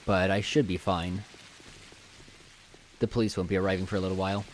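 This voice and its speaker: A man's voice: deep voice, level tone, fairly quick, a little hiss or hum. Chatty man streaming a game. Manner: chatty, jokey, thinks aloud while playing. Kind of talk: casual live game commentary.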